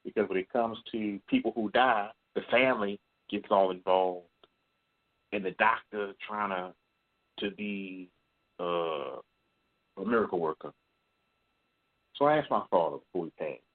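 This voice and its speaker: A man's voice: lowish voice, a little slow, long pauses. Blunt profane man on a phone line. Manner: blunt, profane storytelling, acts out quoted voices. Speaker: caller. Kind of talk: call-in confession.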